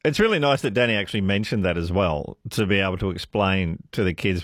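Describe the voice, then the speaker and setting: A man's voice: deep voice, animated, quick pace, hardly any pauses, fairly bright tone, no room sound, clean studio sound. A man hosting a talkback radio show, taking callers and reading texts in an upbeat way. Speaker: radio host.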